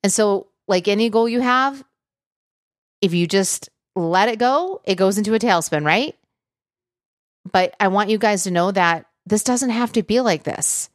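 A woman's voice: medium pitch, unhurried, dry recording. Earnest woman coaching, dry close sound. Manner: earnest, reassuring, addresses listeners directly. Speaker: weight loss coach. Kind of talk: motivational talk to viewers.

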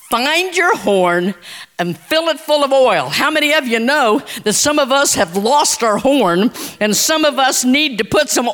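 A preacher giving a folksy, emphatic sermon that repeats key phrases and swings sharply in pitch. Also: fairly bright tone.

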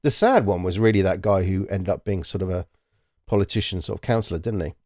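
A man chatting casually as a podcast co-host, animated and joking, with frequent restarts. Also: low voice, fast talker, dry recording, clean studio sound. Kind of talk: casual chat.

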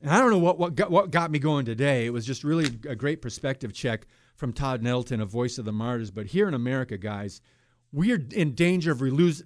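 Speaking into a studio microphone, a fairly high-pitched man hosts a Christian radio talk show and preaches with passion, veering from loud outbursts to quiet, muttered asides. The sound is close and dry, with no room sound.

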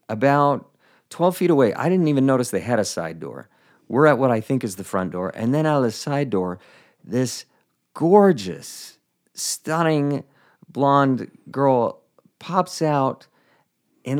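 A man, a comedian guest, telling a funny story in a podcast interview, animated and acting out voices. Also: medium pitch. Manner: animated, acts out voices with bursts of laughter.

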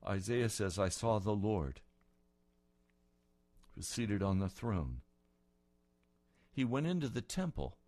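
A man's voice: lowish voice, a little mellow, dry recording. Passionate preacher man, dramatic swells. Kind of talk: sermon.

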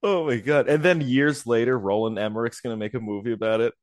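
A man's voice: medium pitch, fairly even intonation, fast. Congested, laid-back man. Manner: laid-back, laughing, joking. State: congested nose. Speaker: podcast co-host. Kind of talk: casual chat.

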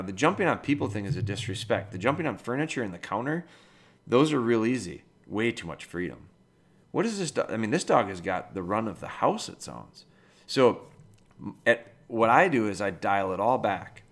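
Calm low-voiced man giving dog advice. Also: normal speed. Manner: relaxed, plainspoken, calm and matter-of-fact. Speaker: dog trainer podcast host. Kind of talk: casual advice talk.

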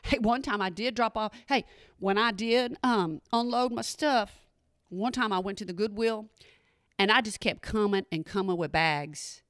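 A woman's voice: mid-range voice, unhurried, a bit bright, clean tone, dry recording, studio quality. A woman hosting a podcast, chatting casually and directly to her listeners. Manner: chatty, keeps addressing listeners as y'all. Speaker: podcast host. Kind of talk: casual solo chat.

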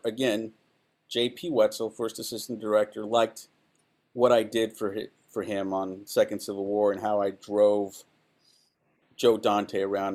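A man from Texas whose first language is Spanish, a film director telling animated, enthusiastic stories as an interview guest. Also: fairly low pitch. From El Paso, Texas. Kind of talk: casual anecdotal storytelling.

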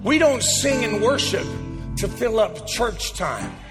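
A man, a pastor preaching a sermon, animated and shouting to his congregation. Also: high-pitched, takes it slowly. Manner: animated, shouting, call-and-response. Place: large church hall. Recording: long hall reverb, faint music.

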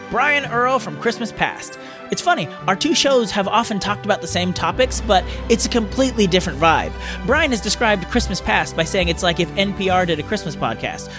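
A man hosting a podcast, reading listener letters aloud in a playful, jokey way. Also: sits high. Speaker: podcast host. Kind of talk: casual podcast chat reading listener mail.

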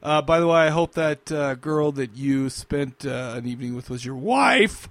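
A man's voice: a little high, lively intonation, moderate pace, dry recording. A man hosting a podcast, chatting casually and teasing his co-host with jokes. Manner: joking, teasing, laughs easily. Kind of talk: casual chat.

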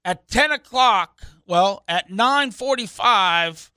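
High, bright male voice; charter captain spinning a fishing tale on a talk show, rambling, animated, dry close studio sound. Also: slow, smooth, no echo. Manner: rambling, animated, restarts with "anyhow". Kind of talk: casual radio storytelling.

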